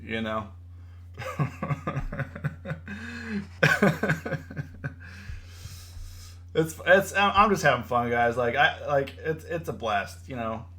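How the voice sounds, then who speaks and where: Medium-pitched and at a moderate pace with hardly any pauses, a young man runs a live trading stream. His casual commentary turns animated and preachy as he lectures, repeating himself and leaning on "bro" and "you know."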